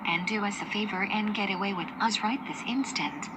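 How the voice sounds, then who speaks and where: A woman's voice: mid-range voice, a little fast, background noise, natural voice. A woman voicing a bossy synthetic cartoon girl.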